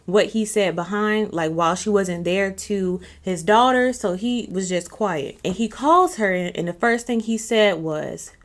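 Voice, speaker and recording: Woman, storytime host, chatty, casual, checks in with listener, mid pitch. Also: measured pace, hardly any pauses. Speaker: channel host.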